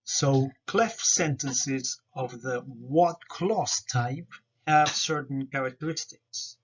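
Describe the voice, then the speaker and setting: Slow, careful man explaining grammar. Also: medium pitch, slightly rough. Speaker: student presenter. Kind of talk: explaining grammar over slides. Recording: dull lo-fi recording.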